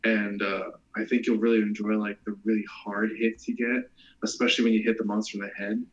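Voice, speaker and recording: Laid-back man, low voice, gaming chat. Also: flat delivery, a little fast, dull audio. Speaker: podcast co-host.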